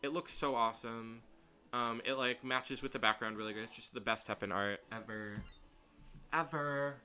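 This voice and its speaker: A male streamer talks casually over a game, rambling from one tangent to the next with lively energy. His voice is bright and forward, and he stays at an average pitch. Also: moderate pace. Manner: rambling, animated, chatty. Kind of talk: casual gameplay commentary.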